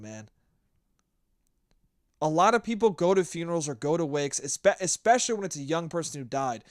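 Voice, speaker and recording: A man's voice: on the high side, no room sound, studio quality. A young man hosting a solo podcast, telling stories in a blunt, profane rant. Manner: blunt, profane, ranting storyteller. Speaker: podcast host.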